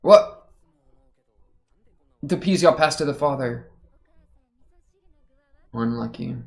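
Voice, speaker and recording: A man's voice: mid-range voice, slow, gravelly. A young man casually commenting while watching an anime episode, chatty and rambling, laughing often. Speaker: reaction streamer.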